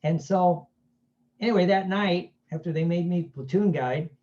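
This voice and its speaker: Man, self-help speaker, casual storytelling, keeps checking in with listeners; mellow tone, slightly muffled recording. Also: high voice, normal speed. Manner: chatty, keeps asking "right?", acts out quoted voices.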